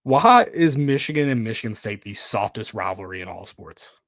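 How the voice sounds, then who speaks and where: A young man co-hosts a casual sports podcast, easygoing and asking questions. His voice is fairly low and fairly bright with lively intonation at a moderate pace, captured in a dry, clean studio recording.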